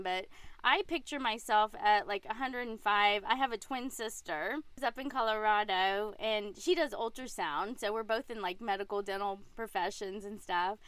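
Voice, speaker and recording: A woman's voice: mid-range voice, moderate pace, fairly bright tone, clean tone, dry recording. A woman hosting a podcast in a casual conversation. She is a dental hygienist who talks in a chatty, upbeat way and giggles often.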